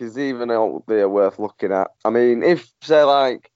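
A man's voice: mid-range voice, normal speed, darkish tone, clear, resonant tone, dry recording, highs cut off. A man, a guest on a podcast, chatting casually and playfully over a phone connection. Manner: playful, jokey, asks naive questions.

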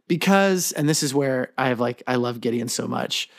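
A man in his thirties co-hosting a podcast, telling family stories in an animated way and laughing often. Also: medium pitch, moderate pace. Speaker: podcast co-host. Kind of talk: casual chat.

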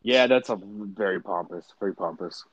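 A man's voice: on the low side, normal speed, no room sound. A young man in casual podcast chat, laid-back and cheering on his friend's jokes. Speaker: podcast co-host. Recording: dull lo-fi sound.

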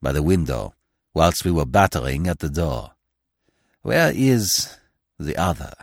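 A man voicing a fussy, sharp older male detective in a storybook reading, clipped and commanding. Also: rumbling low, sing-song, unhurried, dry recording, studio quality, voice pushed down, exaggerated voice. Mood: grim.

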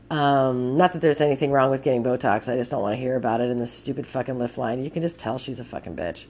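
A woman's voice: rumbling low, darkish tone, slight background noise. A young woman telling a rambling, profane story in a casual spoken letter.

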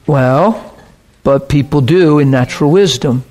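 A man's voice: on the high side, a little slow, darkish tone. A man preaching a conversational sermon, telling stories with casual, emphatic asides.

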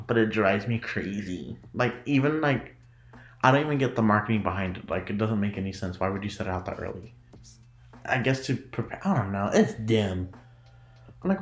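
A chatty podcast host from the United States talks in a loose, rambling way, often trailing off mid-thought and breaking into giggles. The pitch sits in a middle register but swings up and down with animated energy. The voice carries a noticeable room echo. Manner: rambling, giggly, self-interrupting. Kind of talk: casual solo podcast chat.

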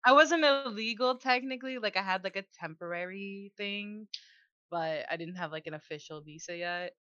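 A woman's voice: medium pitch, normal speed, bright, forceful tone, no room sound. A young woman chatting casually as a guest, telling stories with lots of fillers and laughter. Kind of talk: casual chat. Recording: dull lo-fi dry sound.

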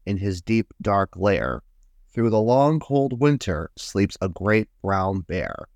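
A man hosting a podcast, reading a children's storybook aloud in an expressive, unhurried way. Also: lowish voice, creaky, dry recording.

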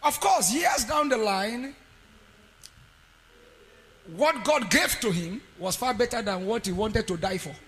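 A man preaching a sermon, telling a story with sudden shouts and quiet asides. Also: high-pitched, lively intonation, a little slow, long pauses, big-room sound, rough recording. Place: conference hall.

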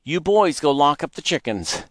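A man's voice: on the high side, big pitch swings, moderate pace, dry recording, voice pushed up. A man voicing a stern rural father who gives direct orders. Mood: commanding. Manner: commanding, direct.

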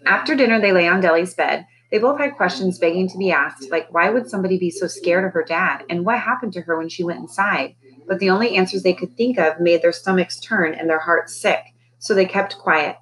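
A woman teacher reads a children's novel aloud to her class in a lowish voice, lifting it higher for the characters' lines. A faint hiss sits under the recording. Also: a bit bright, poor audio. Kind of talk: storybook read-aloud.

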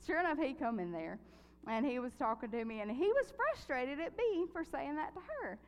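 A woman preaching a sermon and telling a personal story in an animated way, laughing often. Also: sits high, moderate pace, long reverb tail.

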